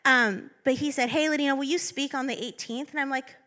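Bright-voiced woman preaching candidly. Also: high voice, fairly even intonation, fairly quick. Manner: candid, self-deprecating storytelling. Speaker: assistant pastor. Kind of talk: sermon.

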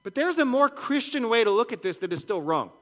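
A man's voice: extremely high pitch, sing-song, a little fast. A man preaching a sermon in a conversational way, with rhetorical questions and repeated words. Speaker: pastor.

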